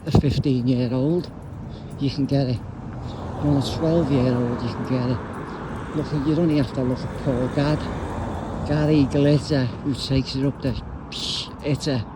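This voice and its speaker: A man's voice: medium pitch, fairly even intonation, unhurried. A man rambling bluntly in slangy casual talk, vlogging while out on a walk. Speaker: YouTuber. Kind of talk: casual vlog rant while walking. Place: outdoors on a street. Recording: street noise with traffic.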